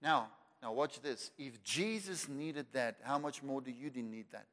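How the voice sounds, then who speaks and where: A South African man preaching a sermon with emphasis, repeating words for effect and building to loud declarations. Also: medium pitch, unhurried. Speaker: pastor. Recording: long reverb of a large hall.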